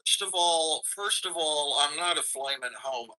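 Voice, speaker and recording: A man's voice: fairly high pitch, normal speed, sharp tone, poor audio. A man arguing in a live-stream debate, taunting and combative. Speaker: debate guest. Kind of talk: heated live-stream argument.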